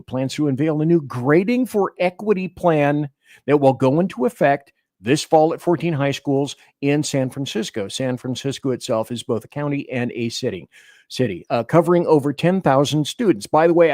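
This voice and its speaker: A man's voice: a little high, a little mellow, no room sound, clean studio sound. A man hosting a political radio show, giving emphatic, opinionated commentary and reading articles and chat aloud.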